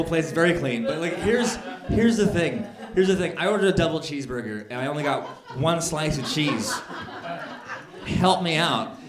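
A man doing stand-up comedy, telling a story with animated, exasperated rants to a live audience. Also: fairly high pitch. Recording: roomy live club sound, crowd audible.

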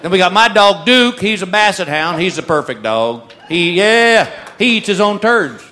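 A married man doing a stand-up comedy set, telling stories with deadpan, drawn-out punchlines. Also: sits high. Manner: deadpan storytelling with drawled punchlines. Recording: live club mic with audience noise. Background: laughing crowd.

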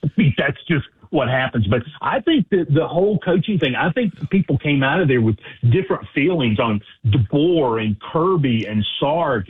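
Man, radio guest on a tinny phone line, halting and full of restarts, husky voice. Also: mid-range voice. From Alabama. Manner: halting, many restarts and fillers. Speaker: guest, sports agent and author. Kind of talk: casual radio talk.

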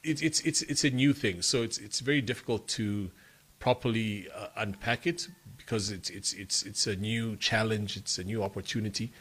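A man with a lowish voice speaks as a guest on a radio interview. He talks thoughtfully and haltingly, repeating words as he works out his points. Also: fairly bright tone, breathy edge. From Africa. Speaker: voiceover artist.

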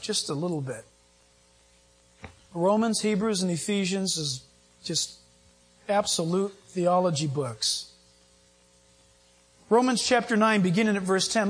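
A man pastor preaching a sermon to a live congregation in a conversational style, jumping into sudden high emphatic bursts. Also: fairly bright tone, breathy edge. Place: church with live audience.

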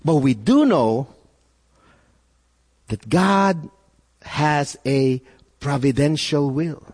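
A man's voice: on the high side, very slow. Male pastor preaching, voice jumping all over, big echoey hall. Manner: animated preaching with repetitions and rhetorical questions. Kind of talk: sermon.

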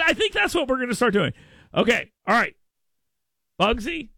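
On a studio mic, a male talk radio host banters casually, playfully chatting, making mock proclamations and frequently restarting. His voice is extremely high, sing-song and gravelly, bright and forceful, at a moderate pace with frequent pauses and no room sound.

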